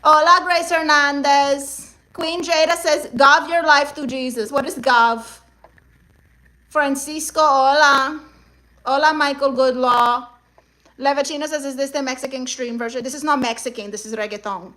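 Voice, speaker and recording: Young woman, high-pitched, sharp bright tone, loud sassy comedic livestream chat, brash and exclamatory. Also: fairly even intonation, moderate pace, rough recording. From Puerto Rico and Guatemala. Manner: loud, brash and exclamatory, mixing in Spanish slang. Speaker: livestream comedian reading viewer comments.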